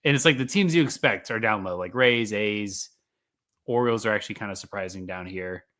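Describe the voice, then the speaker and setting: A man co-hosts a casual sports podcast in a bright, forceful voice. He explains stats and drops dry jokes. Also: fairly low pitch, fairly quick. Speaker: podcast co-host.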